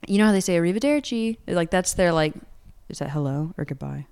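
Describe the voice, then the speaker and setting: Young woman in her 20s, songwriter, low smooth voice, talks loose and rambly with lots of likes. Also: expressive, brisk, darkish tone. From Atlanta, United States. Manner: chatty, rambling with many fillers and laughs. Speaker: singer-songwriter guest. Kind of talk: casual interview chat.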